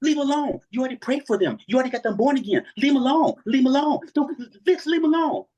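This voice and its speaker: Man doing a frantic high-voiced wife. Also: fast, a little mellow, lo-fi sound. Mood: frantic, pleading. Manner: high falsetto, pleading and insistent. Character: frantic scheming wife, woman, middle-aged.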